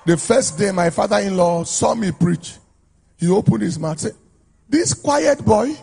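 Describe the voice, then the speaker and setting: A pastor preaching a sermon to a congregation in a declamatory, call-and-response style, urging people to shout amen. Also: male voice, sits high, moderate pace, creaky, husky. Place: church service with a congregation.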